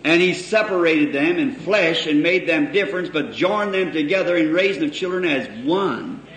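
A man's voice: a little high, normal speed, a bit bright. A man preaching a sermon in a folksy, storytelling way, drawing out phrases for emphasis and chuckling between lines. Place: church hall before a congregation. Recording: echoey old hall recording with faint hiss.

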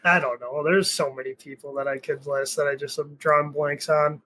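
A man's voice: a little high, little pitch movement, moderate pace, pushed and bright, rough recording. Laid-back young man, casual guest chatter. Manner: laid-back, rambling with fillers and swearing. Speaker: podcast guest. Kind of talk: casual chat.

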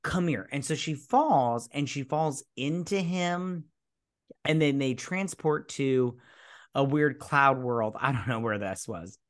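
A man co-hosting a casual movie review chat while drinking. He is excitable, retells the plot, acts out the lines and swears casually. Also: mid-range voice, slow pace. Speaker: podcast co-host.

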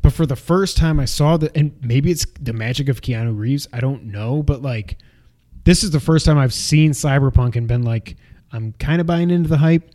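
Man, podcast co-host, casual gaming chat, rambling, jokey, average pitch. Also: normal speed, warm tone. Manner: jokey, rambling, laughs at himself.

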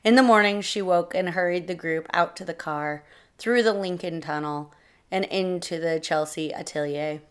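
A woman narrating a short story in a steady reading voice. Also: lowish voice, moderate pace, clear, resonant tone. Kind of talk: storytelling read-aloud.

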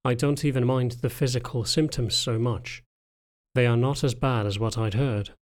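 A man reading the lines of a frightened young pregnant anthro woman in an audiobook, speaking softly and hesitantly. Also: medium pitch, steady tone, normal speed, close to an everyday voice. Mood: fearful, subdued. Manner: soft, trembling, hesitant.

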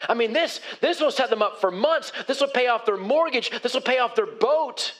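A man's voice: very high voice, animated, moderate pace, a bit bright. A male pastor preaching a sermon in a conversational way, putting questions to his congregation.

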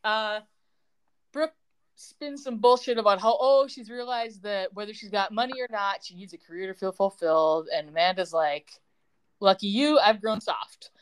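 A woman's voice: mid-range voice, normal speed, clean tone. A woman hosting a podcast, casually retelling a TV episode with sarcastic asides and laughs. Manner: sarcastic, quips and laughs while retelling scenes. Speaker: podcast host recapping a TV episode. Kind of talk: casual chat.

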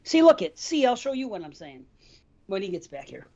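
A man talks loosely and at length, cursing freely as he chats on a podcast. His voice sits on the high side. The recording sounds muffled and lo-fi. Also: big pitch swings, brisk, darkish tone. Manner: rambling and heavily profane. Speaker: podcast co-host. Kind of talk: casual podcast chat.

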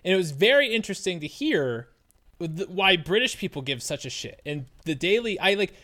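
A man's voice: high-pitched, big pitch swings, a little fast, pushed and bright. A man co-hosting a podcast in casual chat, ranting in an exasperated way and swearing freely. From United States. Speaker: podcast co-host.

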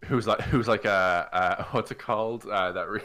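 A man's voice: fairly low pitch, steady tone, normal speed, bright, forceful tone. A man co-hosting a tabletop gaming podcast, chatting casually and rambling with many fillers. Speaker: podcast co-host. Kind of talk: casual chat.

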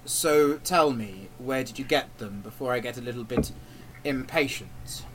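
A man playing a stern male interrogator who speaks slowly and formally, with quiet menace. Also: medium pitch, noisy background, natural voice. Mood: menacing. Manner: slow, measured, formal menace.

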